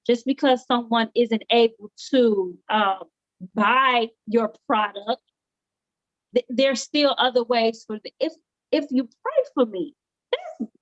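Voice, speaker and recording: A woman's voice: fairly high pitch, slow pace, no echo, lo-fi sound. A woman who owns a homecare business, talking earnestly in a casual interview and repeating phrases for emphasis. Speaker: homecare business owner, guest. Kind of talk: casual live interview chat.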